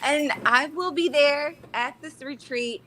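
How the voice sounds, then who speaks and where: A woman guest, a Reiki and sound therapy practitioner, speaking gently and sweetly in a casual interview, warmly encouraging. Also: sits high, slow pace, slight background noise.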